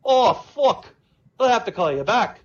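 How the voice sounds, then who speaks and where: A man's voice: very high-pitched, big pitch swings, unhurried, a little hiss or hum, pitched above the performer's own voice, exaggerated voice. A man voicing a brash, boisterous Irish pub regular who declares war, with a put-on Irish accent over a dull lo-fi voice chat. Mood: alarmed. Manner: loud, boisterous, blustering.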